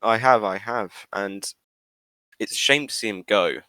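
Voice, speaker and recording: A man co-hosting a casual podcast, giving brief, low-key replies. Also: unhurried, pushed and bright, dry recording. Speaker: podcast co-host.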